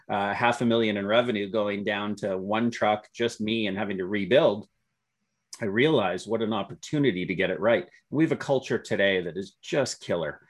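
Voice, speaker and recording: A middle-aged man, an upbeat and optimistic entrepreneur, telling business stories in an interview with frequent restarts. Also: fairly low pitch. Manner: upbeat, optimistic storyteller with self-corrections. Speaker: entrepreneur guest. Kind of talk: storytelling interview answers.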